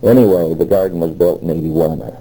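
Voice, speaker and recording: A man's voice: deep voice, fairly even intonation, fairly quick, mellow, poor audio. An older man telling his memories in an oral history interview, rambling and retelling old conversations with many fillers. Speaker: interviewee recalling past work.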